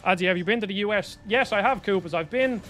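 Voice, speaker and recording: Chatty high-voiced Irish man. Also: quick pace, a bit bright. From Ireland. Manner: chatty, rambling, answers viewers by name. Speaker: streamer reading chat. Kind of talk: casual live stream chat.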